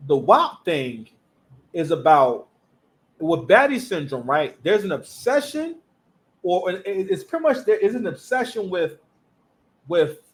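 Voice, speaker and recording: High-voiced animated man. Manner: animated, emphatic, street slang. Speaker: commentary channel host. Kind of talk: reaction commentary.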